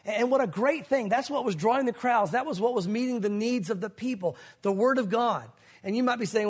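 A fast-talking male pastor preaches in a husky, slightly breathy voice that sits fairly high for a man. His delivery is earnest and conversational, full of asides to his listeners. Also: expressive. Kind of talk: sermon.

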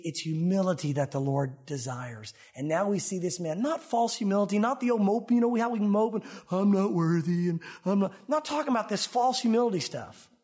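A male pastor preaching a sermon in an animated way, swinging between emphatic and hushed delivery. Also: high voice, breathy edge.

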